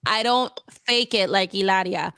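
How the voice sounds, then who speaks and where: A woman from Minnesota in her thirties, a Spanish-language radio host, chatting casually and telling animated stories that slip into Spanish. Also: mid-range voice, moderate pace, slight background noise. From Minnesota, USA. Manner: animated storyteller, switching into Spanish. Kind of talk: casual podcast chat.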